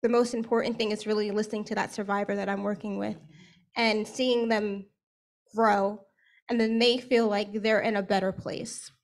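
A woman's voice: medium pitch, level tone, moderate pace. A young woman who works as a service provider, speaking earnestly on a panel and often checking in with "right?". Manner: earnest, frequent tag questions. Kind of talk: panel discussion remarks.

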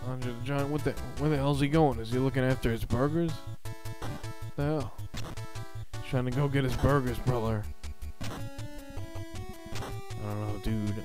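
A man's voice: mid-range voice, moderate pace, long pauses, music in the background, close to an everyday voice. A man doing a brash aging wrestler. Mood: cocky rambling. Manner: tacks brother or dude onto nearly every phrase; swears often and chuckles between lines. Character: boastful broke aging male pro wrestler. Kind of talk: comedic gameplay commentary impression.

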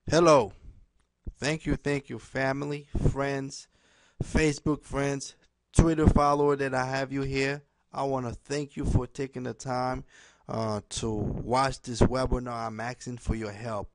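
A man giving a webinar pitch to friends and followers, pleading and repetitive, ending almost every phrase with "okay?", in slightly broken phrasing. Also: no room sound, clean studio sound. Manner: non-native phrasing with dropped words. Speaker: network marketer addressing his team. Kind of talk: direct-to-camera webinar pitch.

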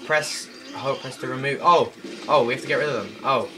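A man doing chatty, excitable let's play commentary, laughing and shouting at enemies as he plays. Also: medium pitch, brisk. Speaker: gameplay commentator. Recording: game music loud behind voice.

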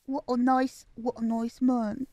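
A woman chatting casually while streaming a game, talkative and quick to giggle. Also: on the high side, flat delivery, warm tone, no echo. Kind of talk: casual gameplay chat.

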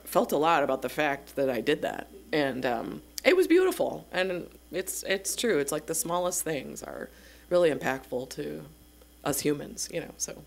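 A woman's voice: deep voice, big pitch swings, moderate pace, creaky. A young woman telling a personal story at a church service, chatty and rambling, with many fillers. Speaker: congregation member sharing a story. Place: church sanctuary.

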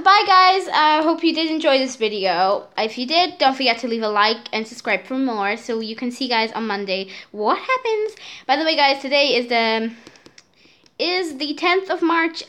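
A woman hosting her own channel, giving excitable let's-play commentary on a survival game and often addressing her viewers directly. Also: fairly high pitch.

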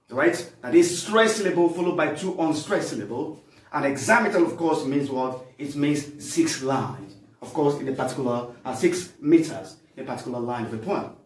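A man's voice: high-pitched, reverberant, recorded from a distance, poor audio. A man giving an online lecture on classical poetry, talking in a repetitive way with frequent fillers and "of course".

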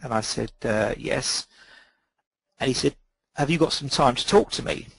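Gravelly middle-aged man telling stories. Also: mid-range voice, moderate pace, rough recording. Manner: rambling, full of ums, quotes others in dialogue. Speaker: interview guest, photographer. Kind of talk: relaxed anecdotal storytelling.

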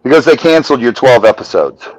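A man on a podcast telling a story in casual, animated talk, swearing often and acting out the dialogue. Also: medium pitch, fast talker, no echo, poor audio. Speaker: podcast guest.

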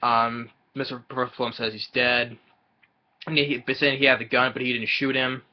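A man casually retelling a film's plot in a rambling, halting way, with many fillers and chuckles. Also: medium pitch, flat delivery, muffled recording. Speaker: film reviewer.

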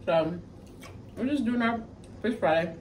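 A woman's voice: mid-range voice, measured pace. Lady doing a home mukbang, says y'all a lot, mic kinda far off. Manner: relaxed, murmurs over food, addresses viewers as y'all. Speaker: mukbang channel host. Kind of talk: casual eating-show chat. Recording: distant mic with faint noise.

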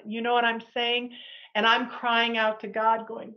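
A middle-aged woman sharing a personal healing testimony as a guest, animated and acting out the people she quotes. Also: a little high, slow pace, lo-fi sound. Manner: animated, acts out quoted dialogue.

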